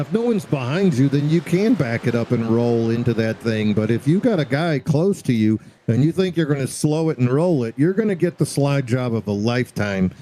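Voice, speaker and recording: A man's voice: medium pitch, warm tone, a little hiss or hum, poor audio. A man doing play-by-play commentary on a sim racing broadcast, joking and bantering with his co-host.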